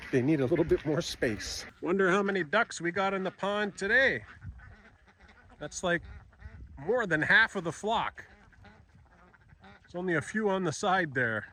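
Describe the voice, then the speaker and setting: A man vlogging outdoors on his farm, talking casually to the camera and gently chatting to his cats, ducks and geese. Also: sits high, expressive, a little slow, long pauses. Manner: chats softly to his animals. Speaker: homesteading vlogger. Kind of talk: casual farm vlog talk.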